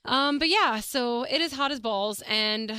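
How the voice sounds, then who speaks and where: Young woman rambling on her podcast, bright and crisp, dry close sound, lots of likes and swearing. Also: fairly high pitch, a little slow, no echo. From Texas. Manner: chatty, animated, swears freely, heavy use of "like". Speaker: podcast host. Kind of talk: casual solo podcast chat.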